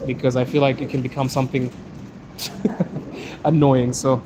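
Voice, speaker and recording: Walking through a snowy city, a man hosts a casual outdoor livestream, chatting, joking, and reading viewer comments aloud as he answers their questions. His medium-pitched voice is flat and measured, with background noise in the recording.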